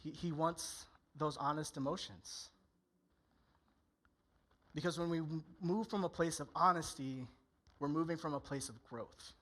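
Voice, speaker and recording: A man's voice: fairly high pitch, a little slow, a bit bright. A male pastor preaching a candid, conversational sermon in church, often acting out people's inner voices.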